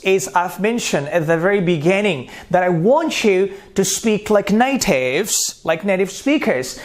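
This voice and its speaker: Slow, deliberate male pronunciation teacher. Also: high voice. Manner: repeats terms, demonstrates sounds aloud. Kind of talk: slow spoken lesson.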